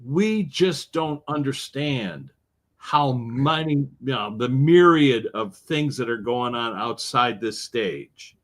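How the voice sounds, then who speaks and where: A man being interviewed as an author, telling stories in an animated way with wide swings in his voice. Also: mid-range voice, slow. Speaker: author and guest. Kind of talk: interview conversation.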